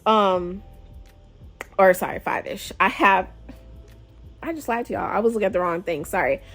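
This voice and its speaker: A woman's voice: mid-range voice, moderate pace, fairly bright tone, soft background music. A woman hosting a casual book club vlog, chatty and emotive, often sighing as she reacts to the story. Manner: chatty and emotive, with frequent sighs.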